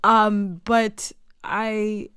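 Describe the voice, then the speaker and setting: Young female podcast host, earnest and halting; dry studio voice. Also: medium pitch, little pitch movement, a bit bright, smooth, dry recording. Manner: earnest, halting restarts, rising with emphasis. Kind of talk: casual faith-centered conversation. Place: dark studio.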